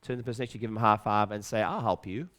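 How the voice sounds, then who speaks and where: Middle-aged guy on stage at a seminar, lowish voice, keeps repeating himself and quizzing the crowd. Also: racing, fairly bright tone. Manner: emphatic, repeats phrases, acts out his own inner voice, asks the audience questions. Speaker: speaker at a practice-building seminar. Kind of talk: motivational stage talk. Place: stage in a room with an audience.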